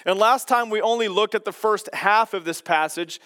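A man preaching a sermon as pastor in a church, emphatic and slowing down on key phrases. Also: high-pitched, pushed and bright. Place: church sanctuary.

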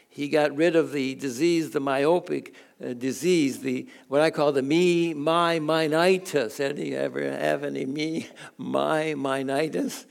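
An older man giving a folksy sermon, telling chuckling personal stories and reading scripture with halting restarts. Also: on the high side, fairly even intonation, creaky. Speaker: guest preacher.

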